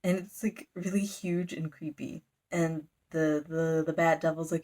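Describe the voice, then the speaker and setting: A woman's voice: sits low, fairly even intonation, measured pace, darkish tone. A woman recapping a manga in a casual, rambling chat, giggling and using lots of fillers. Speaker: manga reviewer.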